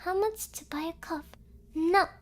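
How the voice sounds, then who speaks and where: A woman's voice: extremely high pitch, normal speed. A young adult woman chatting playfully on a stream, giggling often and switching between Japanese and English. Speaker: vtuber streamer. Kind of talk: casual chat on a stream collab.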